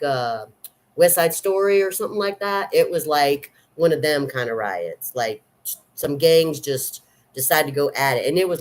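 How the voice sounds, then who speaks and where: A woman's voice: low-pitched, darkish tone. Woman, 50s, Southern accent; casual, rambling vlog chatter full of fillers. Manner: rambling and chatty, with many ums and restarts. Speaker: vlogger. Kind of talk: casual chat.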